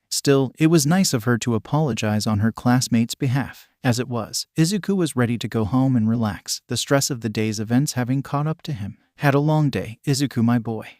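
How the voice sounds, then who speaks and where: A man narrating a fan fiction story in an even, steady reading voice. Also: medium pitch, no room sound, clean studio sound.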